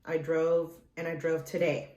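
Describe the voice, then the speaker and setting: A woman's voice: deep voice, flat delivery, unhurried, dark tone, muffled recording. A woman in her thirties vlogging casually about her recovery, rambling with many restarts, her chest sore after surgery. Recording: echoey room.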